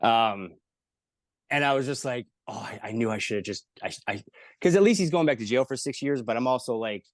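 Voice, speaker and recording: A man's voice: medium pitch, expressive, brisk, dry recording, studio quality. A man, a comedian guest on a podcast, telling a long story in casual chat, rambling and profane with lots of filler words.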